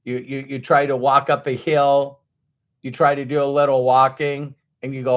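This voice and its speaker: A man giving a motivational talk to an audience, acting out everyday inner voices in an animated way. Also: mid-range voice, normal speed. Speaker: motivational speaker.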